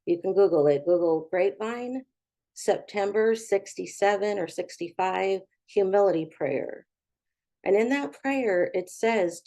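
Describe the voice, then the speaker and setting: A woman's voice: mid-range voice, lively intonation, a little slow, warm tone. A middle-aged woman giving a candid, humorous personal recovery testimony, acting out the voices of the people in her story. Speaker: recovery speaker.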